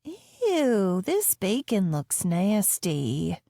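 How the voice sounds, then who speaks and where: A woman's voice: medium pitch, huge pitch swings, very slow, warm tone, no echo, clean studio sound, heavily acted. A woman voicing a defiant eight-year-old girl with a whiny, sulky way of talking.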